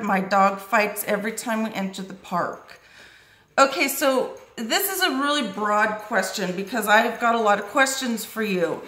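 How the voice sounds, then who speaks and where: A woman chatting casually to her phone at home, rambling through viewer questions with plenty of ums and restarts. Her voice sits in a middling pitch, and the room around her rings with noticeable echo. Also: bright, forceful tone. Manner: rambling, with many fillers and restarts; high sing-song baby talk to her dog. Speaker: dog owner answering viewer questions. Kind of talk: casual Q and A vlog. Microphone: phone held while scrolling.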